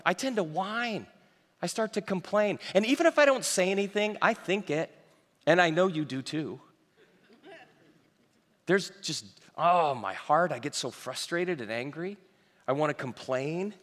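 A man preaching a sermon, telling stories animatedly and shifting between loud and hushed passages. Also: high-pitched, long reverb tail. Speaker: pastor.

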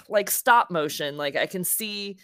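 A young adult woman co-hosting a podcast tells a story in a casual, animated way, acting out the quotes. She speaks slowly in a medium pitch.

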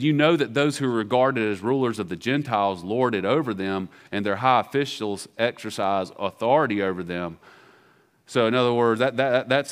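Speaking in a mid-range voice, a Southern American man delivers a sermon as pastor. He performs the biblical dialogue casually and with lots of animation.

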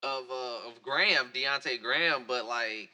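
A young man hosting a podcast in casual, joking chat, animated and fond of silly put-on voices. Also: mid-range voice, measured pace. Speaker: podcast host.

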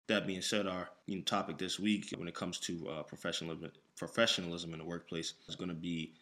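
A man's voice: low voice, fairly quick. A man hosting a casual podcast, talking in a laid-back way with lots of fillers. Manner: laid-back, filler-heavy, relaxed delivery. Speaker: podcast host.

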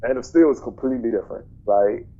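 Man, casual film podcast co-host, blunt and repetitive, mellow voice, muffled lo-fi audio. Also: medium pitch, quick pace, gravelly. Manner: blunt, opinionated, repeats himself. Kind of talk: casual movie chat.

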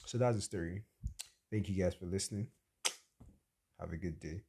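A man's voice: sits low, moderate pace, background noise. A young man, telling a personal story on his podcast in a blunt, opinionated way. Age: young adult. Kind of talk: casual storytelling monologue.

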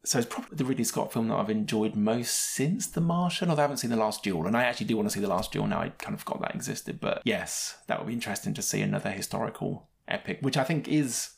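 A man's voice: on the low side, lively intonation, fast, creaky, hardly any pauses, a little hiss or hum. A man co-hosting a film podcast in a casual, rambling, digressive way, often chuckling between points. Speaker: podcast co-host and film reviewer.

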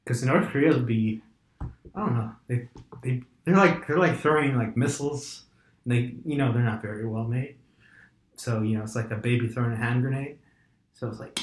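A man's voice: mid-range voice, normal speed. A man chatting casually and animatedly, telling stories and slipping into mock voices. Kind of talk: casual chat. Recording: echoey room.

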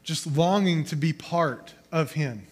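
A man's voice: fairly high pitch, measured pace. A young adult man preaching a casual youth sermon, asking the room questions and telling stories about his toddler. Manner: conversational, storytelling with questions to the crowd. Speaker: youth pastor.

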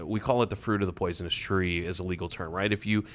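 A man's voice: sits low, steady tone, fast. A man on a talk show explaining a legal point, with stammering restarts. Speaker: legal commentator.

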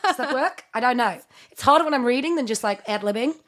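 A high, loud mock Australian voice bounces through a list in a sing-song way, as a woman hams it up on a podcast. It is pitched up and pushed louder than a plain speaking voice, with a playful, exaggerated lilt. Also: lively intonation, quick pace. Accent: Australian put-on. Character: put-on Australian voice, reading out a list. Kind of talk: podcast banter, mock accent.

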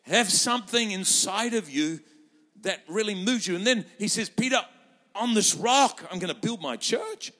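A man delivers a sermon with fervent, rousing energy, his voice high and bright, swinging widely up and down as he leans into each point. He acts out the voices of the people he quotes from scripture. The sound rings out with a long reverb, as in a large hall. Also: expressive, moderate pace. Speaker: pastor.

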